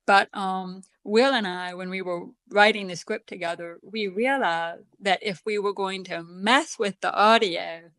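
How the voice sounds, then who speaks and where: A woman's voice: mid-range voice, measured pace, hardly any pauses, fairly bright tone, no echo. A woman speaks with a deaf accent, some sounds shaped a little differently. She is a chatty interview guest who pokes fun at herself and leans on ums. Her voice sits mid-range and is recorded dry and close. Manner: chatty, self-deprecating, many ums. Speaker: guest author. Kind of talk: casual interview chat.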